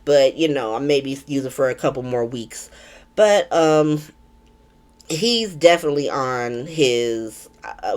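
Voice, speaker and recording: Chatty, irreverent woman with a lively voice. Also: rumbling low, unhurried. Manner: chatty and irreverent, swears freely, many ums. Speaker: soap opera recap vlogger. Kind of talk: casual recap chat.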